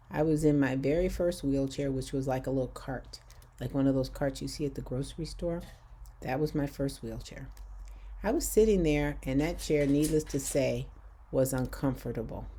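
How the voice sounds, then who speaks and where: A woman's voice: very deep voice, mellow. A woman from Michigan telling a personal story in a vlog, acting out both sides of a conversation.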